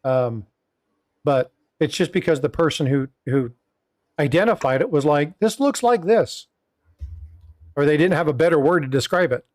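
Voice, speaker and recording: A man's voice: a little high, normal speed, no echo, studio quality. A middle-aged man hosting a casual livestream chat, rambling with many fillers and asides. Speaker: host.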